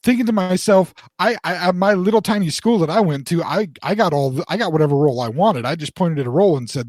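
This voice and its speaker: Man, 40s, podcast co-host; higher-pitched voice, dry and close, chatty storyteller who restarts his sentences. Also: fast, hardly any pauses, no room sound. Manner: rambling, animated storyteller with restarts. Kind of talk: casual storytelling chat.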